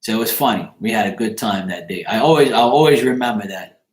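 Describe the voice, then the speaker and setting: Animated man telling stories casually. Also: fairly low pitch, fast talker, reverberant. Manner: animated, laughing, swears casually. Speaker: chat show host. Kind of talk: casual storytelling.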